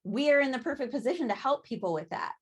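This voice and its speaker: A woman's voice: high voice, lively intonation, fast, husky. A woman giving a chatty sales training talk over a video call, often laughing and asking "right?".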